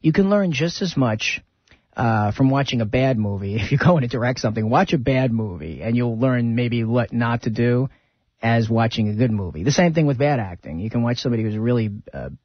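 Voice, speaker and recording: A man's voice: medium pitch, animated, brisk, dry recording, muffled recording. A man hosting a radio show, chatting casually and rambling through film stories.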